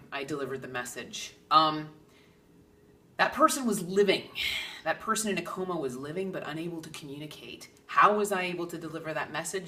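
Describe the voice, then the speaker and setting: A woman's voice: deep voice, pushed and bright, distant mic. A woman speaking as a medium, telling stories in a casual monologue and acting out quoted dialogue in a raised voice.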